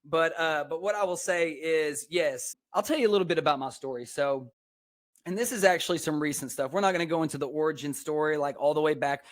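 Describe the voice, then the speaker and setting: A young man with a Texan accent, a personal trainer and speaker talking in a casual podcast interview, energetic and preachy, laughing often. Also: fairly high pitch, brisk. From Texas.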